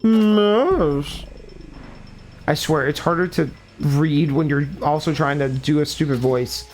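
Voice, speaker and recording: A man streaming a video game with casual, excitable commentary and sudden swearing outbursts. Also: a little high, normal speed, soft background music. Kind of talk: casual live gameplay commentary.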